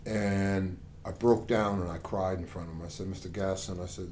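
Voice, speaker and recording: Passionate low-voiced man telling a story. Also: moderate pace, hardly any pauses, slight background noise. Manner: passionate, animated storyteller who acts out quoted dialogue. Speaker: author and interview guest. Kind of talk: conversational storytelling.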